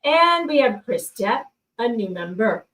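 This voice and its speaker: A woman's voice: a little high, sing-song, unhurried, fairly bright tone, distant mic, low-quality recording. A woman co-hosting a casual livestream, reading viewer messages and joking around. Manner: joking, giggly, teasing. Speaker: livestream co-host. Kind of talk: casual livestream chat reading super chats. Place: hotel room.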